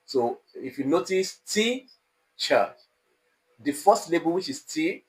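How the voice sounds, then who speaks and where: Man slowly teaching pronunciation. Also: low-quality recording. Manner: slow and deliberate, repeats example phrases with exaggerated pitch. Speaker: lecturer. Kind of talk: live online exam-prep lecture. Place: online class studio with a technician.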